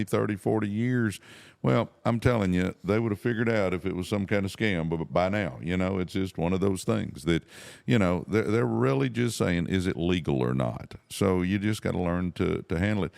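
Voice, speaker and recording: A man with a very deep voice that has a gravelly fry talks in a casual conversation. He gives emphatic, earnest advice and hedges as he goes, and the sound is dry and close. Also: darkish tone, dry recording. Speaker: network marketing leader, co-host.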